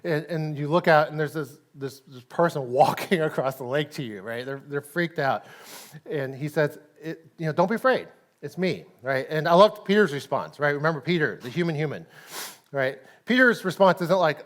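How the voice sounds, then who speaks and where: Chatty Texan pastor, fairly high voice. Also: male voice, animated, normal speed. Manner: chatty, laughs often, says "right?" a lot. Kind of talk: casual conversational sermon. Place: church service.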